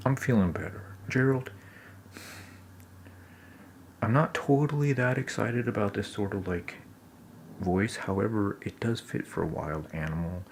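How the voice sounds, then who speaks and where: A man talks over his own footage in a very low, gravelly voice, wry and hard on himself. He often slips into whispered asides. A faint hiss sits underneath. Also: moderate pace. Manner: self-critical, wry, drops into whispered asides. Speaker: commentator on his own scene. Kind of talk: self-critical commentary voice-over.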